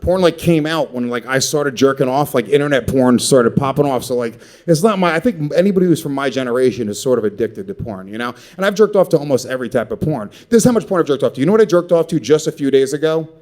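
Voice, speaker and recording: A man's voice: medium pitch, lively intonation, darkish tone. Crude, rambling man doing stand-up. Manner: crude, profane, rambling with quick asides. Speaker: stand-up comedian. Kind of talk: stand-up comedy set. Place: comedy stage.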